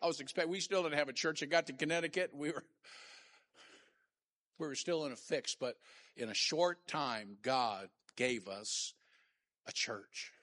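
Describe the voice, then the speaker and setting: A male pastor preaching a sermon in church, dropping to quiet talk and rising to shouted call-and-response. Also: fairly high pitch, measured pace, long pauses.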